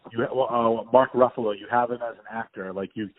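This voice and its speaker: Excited man on a tinny phone line. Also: medium pitch, quick pace. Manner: enthusiastic, rambling with restarts. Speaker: podcast host. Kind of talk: casual phone chat. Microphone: phone call.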